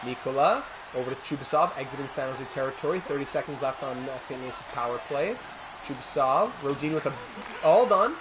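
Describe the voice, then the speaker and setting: A man with a mid-range voice keeps a brisk pace over background noise. On his hockey video game stream he does play-by-play in mock sportscaster style, chatting with viewers between plays.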